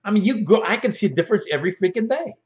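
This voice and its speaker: A man's voice: high voice, animated, rapid-fire. A man hosting a casual interview, eagerly agreeing and chiming in with his own stories. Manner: eager, frequent backchannel agreement.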